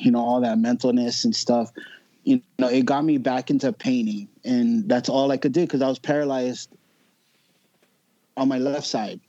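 A man's voice: medium pitch, warm tone, dry recording, dull audio. A man telling a personal story as a podcast guest, casual and profane, often laughing as he talks.

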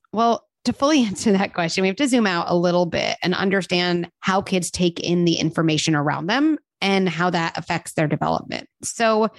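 A woman's voice: lowish voice, no room sound. A woman in her thirties, a parenting podcast host, explaining in an earnest, conversational way and briefly acting out what children and parents say. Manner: earnest, explanatory, acts out quoted voices.

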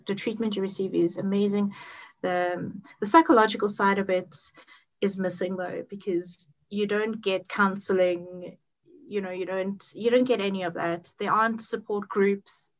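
A woman guesting on a podcast, speaking earnestly and haltingly and restarting her phrases. Her pitch sits in a middle range. The sound is dull and lo-fi, like remote call audio. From South Africa. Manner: earnest, halting, repeats words. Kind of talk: casual conversation.

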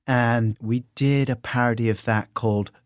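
A middle-aged man, a guest in an interview, telling stories in an animated, self-deprecating way. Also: moderate pace, smooth, dry recording, studio quality. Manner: animated, self-deprecating, lively swings in pitch. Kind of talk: relaxed anecdotal storytelling.

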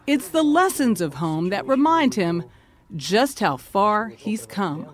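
Lively woman news narrator. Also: medium pitch, takes it slowly. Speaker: news correspondent.

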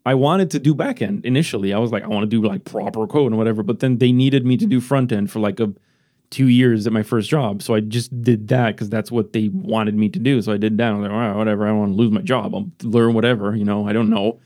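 Speaking quickly in a steady, mellow, lowish voice, a podcast host from Romania chats casually in non-native English. He's rambling and self-deprecating, curses freely, and is recorded on a podcast microphone.

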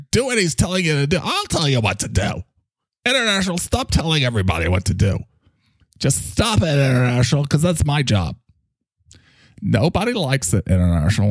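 A man putting on the voice of a shrill, bossy boss who scolds an underling. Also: dry recording, clean studio sound, exaggerated voice.

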